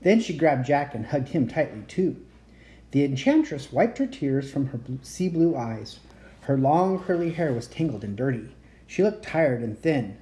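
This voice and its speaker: Low-voiced woman reading a storybook. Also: animated, moderate pace, warm tone. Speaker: reader. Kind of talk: reading a children's chapter book aloud.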